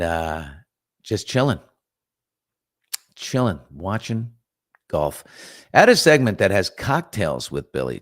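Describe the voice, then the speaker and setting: A middle-aged man from New York with a New York accent, hosting a morning chat show and telling stories in an animated, casual way. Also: fairly low pitch, vocal fry, no echo, studio quality. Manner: animated storyteller, reads viewer comments aloud.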